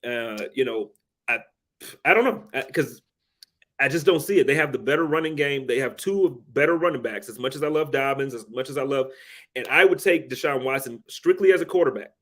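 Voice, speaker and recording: A man joins a sports podcast as a guest with an ordinary mid-pitched voice. He talks in a relaxed, casual way. He often restarts his sentences while he works out his opinions. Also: fairly quick.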